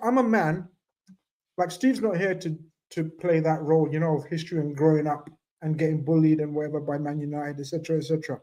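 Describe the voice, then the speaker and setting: A man on a football panel show, chatting casually and telling rambling stories in an animated way. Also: a little high, fast talker, poor audio. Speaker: podcast panelist.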